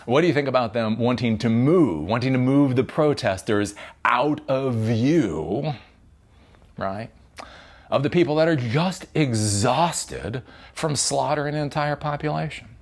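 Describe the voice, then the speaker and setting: A man's voice: mid-range voice, a little slow. A man hosting his own channel, delivering a heated, profane, sarcastic commentary rant to camera. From United States. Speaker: tech channel host giving commentary.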